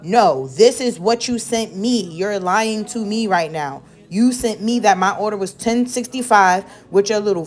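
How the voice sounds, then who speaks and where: A young woman from the Bronx, telling a casual, animated storytime for her vlog in a slangy, sassy way. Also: mid-range voice. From the Bronx, New York. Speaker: nail and beauty vlogger.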